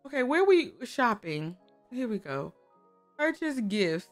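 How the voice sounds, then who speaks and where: A woman's voice: fairly high pitch, big pitch swings, slow pace, faint music behind. A woman casually commenting on her game, chatty and exclaiming, talking to viewers and to the characters, with speech. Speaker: gaming YouTuber.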